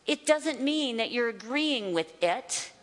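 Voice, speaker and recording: A woman's voice: a little high, expressive, takes it slowly. Emphatic woman teaching in a reverberant hall. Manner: emphatic, repeats key phrases. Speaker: Bible teacher. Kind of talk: sermon-style teaching.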